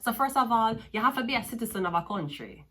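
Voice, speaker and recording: A woman with a Jamaican accent delivers a tarot reading in a bright, forceful voice. She talks in a profane, mocking, sassy way, taunting her listener between card pulls. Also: a little high, lively intonation, fast.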